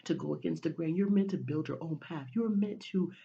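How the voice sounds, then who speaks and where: Woman preaching spiritual self-help, mellow voice, kinda muffled lo-fi audio, repeats herself a lot. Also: deep voice, fairly quick, gravelly, a little hiss or hum. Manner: repetitive, preachy, many restarts. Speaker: motivational speaker. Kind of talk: spiritual pep talk.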